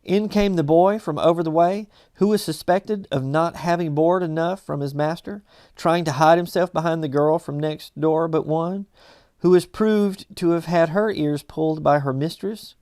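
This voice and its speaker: A man reading a classic novel aloud in a measured storytelling manner. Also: a little high, a little mellow, no room sound, clean studio sound. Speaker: audiobook reader.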